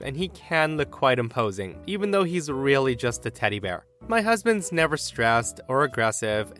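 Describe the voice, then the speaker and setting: A man hosting a show, reading online stories aloud in an animated storytelling way and jumping his pitch for quoted people. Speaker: host.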